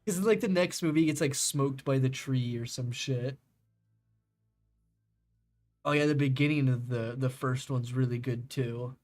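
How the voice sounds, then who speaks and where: A man's voice: medium pitch, moderate pace, pauses often, darkish tone. A young man streaming a game, chatting casually with viewers, rambling and laughing, swearing freely.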